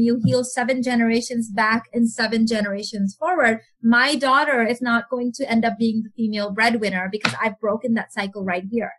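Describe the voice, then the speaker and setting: A woman speaking as a mentor guest in a podcast interview, animated, acting out other people's voices and laughing often. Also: high-pitched.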